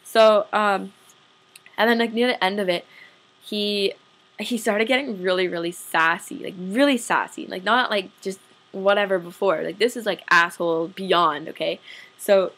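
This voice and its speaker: A woman's voice: medium pitch, normal speed, a bit bright. A young adult woman, venting to camera in a casual storytime rant full of swearing and "like". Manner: profane, fired-up, heavy use of "like". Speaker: vlogger.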